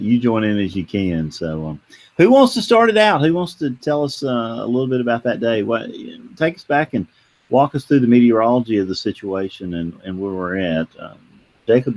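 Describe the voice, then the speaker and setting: A man with a Southern US accent, co-hosting a casual chat, laid-back and full of "uh" fillers. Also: lowish voice. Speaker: co-host.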